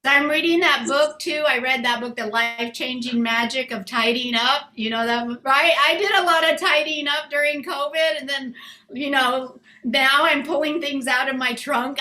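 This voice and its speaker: A woman's voice: high-pitched, steady tone, normal speed. A middle-aged woman performing a chatty, self-mocking stand-up set, slipping into voices of family members. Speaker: stand-up comedian. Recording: echoey room with background noise.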